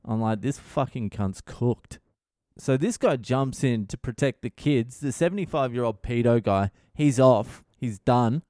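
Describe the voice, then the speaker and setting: A middle-aged man tells a profane story on his podcast. His voice is smooth and clear, recorded dry and close. He swears freely and acts out the people in the story as he goes. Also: mid-range voice, a little slow, no room sound. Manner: animated, swears constantly, acts out quotes. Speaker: comedian and podcast host.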